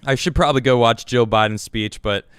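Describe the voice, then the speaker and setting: A man's voice: medium pitch, brisk, a bit bright, clean tone, no room sound, clean studio sound. A man hosting his own show, giving a rambling, sarcastic political commentary monologue full of restarts. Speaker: show host.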